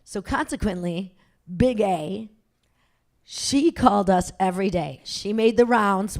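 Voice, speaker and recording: A woman's voice: mid-range voice, slow pace, a little mellow. A middle-aged woman telling a personal story on stage before a live audience, chatty and self-mocking, laughing as she goes.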